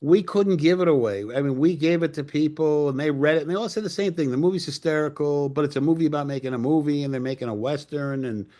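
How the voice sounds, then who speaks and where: An older man from New York, a film director telling profane, animated stories in a casual interview and acting out what others said. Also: a little high, quick pace, hardly any pauses. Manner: profane, animated anecdotes with acted-out quotes. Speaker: screenwriter and director guest.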